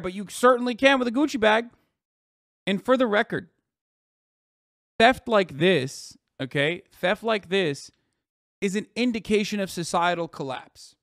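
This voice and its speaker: A man's voice: high voice, fairly bright tone, no echo, clean studio sound. A man streaming as host, giving profane heated commentary on a clip, ranting and firing rhetorical questions.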